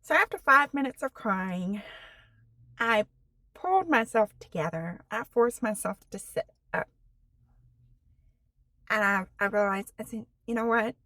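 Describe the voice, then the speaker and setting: A woman in her forties telling her own story on a personal vlog, slow and halting, with many fillers, earnest and candid. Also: medium pitch, animated, sharp tone, no echo. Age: 40s. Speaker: vlogger.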